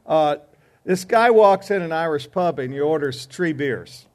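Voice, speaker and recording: A man's voice: on the high side, animated, unhurried, a little mellow. A man giving joking news and telling jokes before a class lesson, in a rambling, chatty way. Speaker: class teacher.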